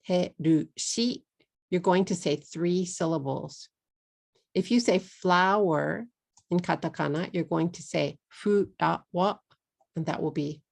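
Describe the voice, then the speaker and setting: A woman with a Texas accent teaching English pronunciation, saying each word slowly and repeating it for learners. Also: fairly low pitch, creaky, a little mellow. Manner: slow, drawn-out model words, repeated for learners. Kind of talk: pronunciation lesson.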